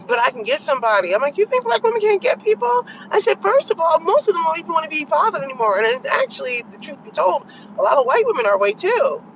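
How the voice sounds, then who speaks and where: Animated, high-pitched opinionated woman vlogger. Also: quick pace, dull audio, slight background noise. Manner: animated storytelling, quoting her own retorts with sharp pitch jumps; blunt and exasperated. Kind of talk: opinionated commentary vlog.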